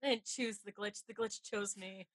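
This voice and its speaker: A woman's voice: medium pitch, steady tone, normal speed, no echo. A woman playing in a tabletop role-playing game, giggly and playful in her asides. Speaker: player. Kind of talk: casual tabletop play.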